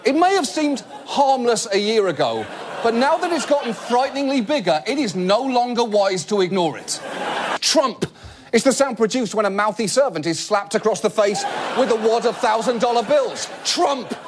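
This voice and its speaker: A man delivering a satirical late-night monologue, animated and mock-outraged, breaking into shouts. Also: high-pitched. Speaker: host. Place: TV studio stage with audience. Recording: live studio audience laughing, some noise.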